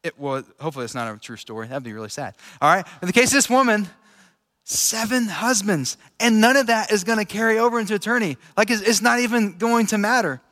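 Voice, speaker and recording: A man preaching a relaxed, chatty sermon to a room of listeners, laughing easily as he talks. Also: sits high, fast talker. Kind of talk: casual conversational sermon. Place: large room with an audience. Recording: echoey hall with long reverb.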